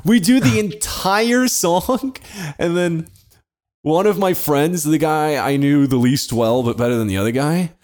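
A man's voice: fairly high pitch, measured pace, a little mellow. A young man telling a long, profane story to friends, laughing often and acting out the voices of the people in it. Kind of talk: casual storytelling.

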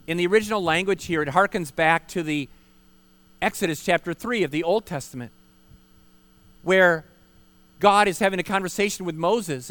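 A man's voice: high voice, a bit bright. A man, a pastor preaching a sermon at an outdoor park service, earnest and emphatic, asking rhetorical questions and repeating key words.

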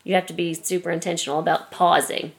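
A woman on a casual podcast, laying out her point step by step in a measured, explanatory way. Her voice sits slightly low. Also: level tone, creaky. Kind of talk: casual chat.

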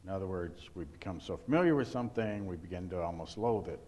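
A man's voice: sits low, animated, fast talker, mellow. Man preaching an earnest sermon. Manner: earnest, rhetorical questions to the congregation. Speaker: pastor.

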